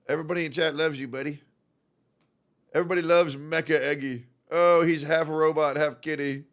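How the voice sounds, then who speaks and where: A young man with a gravelly, slightly high voice, live-streaming from his room at home. He chats loosely with viewers and curses often. He also drops into soft, cooing baby talk with his pet. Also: fairly even intonation, moderate pace, pauses often. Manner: casual, swears freely, coos in soft baby talk to his cat. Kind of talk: casual live-stream chat.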